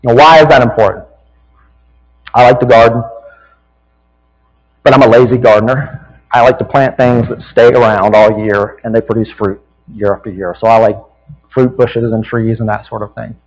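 A man's voice: medium pitch, fairly even intonation, moderate pace, pauses often, darkish tone, long reverb tail, poor audio. A man with a Southern American accent preaching a sermon as a pastor, in a folksy, conversational way that keeps checking in with "right?".

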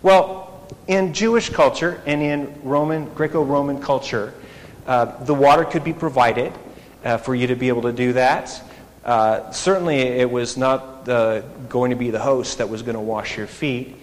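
A man preaching a sermon in an animated, conversational way, full of rhetorical questions. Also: mid-range voice, moderate pace. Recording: echoey hall, faint noise.

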